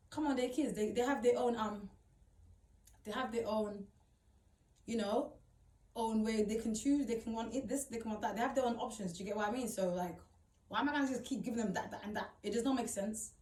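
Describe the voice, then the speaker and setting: A woman's voice: fairly high pitch, darkish tone. Woman, echoey room. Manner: emphatic, repetitive, swears freely, slangy. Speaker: storyteller. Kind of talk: casual storytime monologue. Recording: echoey room, distant mic.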